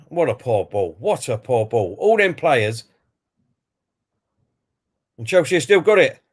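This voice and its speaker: A man co-hosting a football watch-along stream, giving live commentary and reading out viewer comments before giving his own view. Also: on the high side. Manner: chatty, reads out chat messages and then gives his view.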